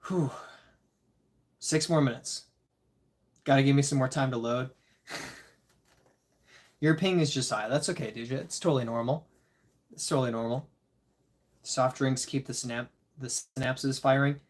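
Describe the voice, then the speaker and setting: A man's voice: medium pitch, steady tone, unhurried, pauses often. A tired man casually chatting with his live-stream audience, chuckling and rambling as he reads the chat. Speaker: disc golf livestreamer reading chat.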